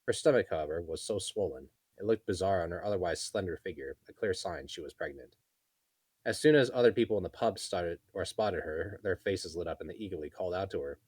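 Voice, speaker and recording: Low, husky male novel reader. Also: a little fast, dry recording. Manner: steady reading with small slips and self-corrections. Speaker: narrator. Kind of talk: reading a light novel aloud.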